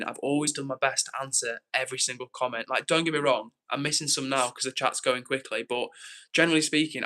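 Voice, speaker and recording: A man's voice: mid-range voice, bright, forceful tone. A man hosting a livestream, chatting casually and reading out viewers' comments in an upbeat, encouraging way. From England. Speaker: livestream host.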